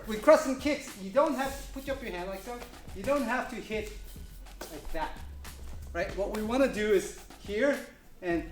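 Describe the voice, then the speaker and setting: A man teaching kung fu kicks in a casual, joking way, with many fillers and restarts. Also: high voice. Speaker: kung fu instructor. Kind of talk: casual demonstration lesson. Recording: echoey room.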